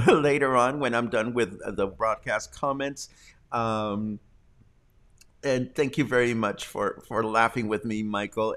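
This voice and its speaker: A man hosts a casual news livestream at a middle pitch. He chats warmly with viewers and is prone to fits of laughter as he reads their comments. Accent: Mexican. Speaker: host.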